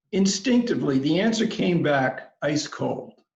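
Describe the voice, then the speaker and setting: A man delivers a commencement address in a slow, unhurried way, with a gravelly edge and a fairly high pitch. His telling is measured and reflective. The recording is roomy and a little dull. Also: animated, darkish tone. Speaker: commencement speaker.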